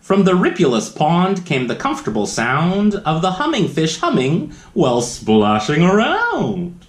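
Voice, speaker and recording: Slow, sing-song man reading a storybook. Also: on the high side, huge pitch swings. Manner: sing-song rhyming reading with playful asides. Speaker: children's story reader. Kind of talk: reading a picture book aloud to children. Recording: roomy echo.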